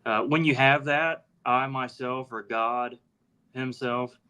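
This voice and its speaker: A man's voice: medium pitch, fairly even intonation, slow pace, sharp tone, smooth. A male student asking tentative, polite questions in a class.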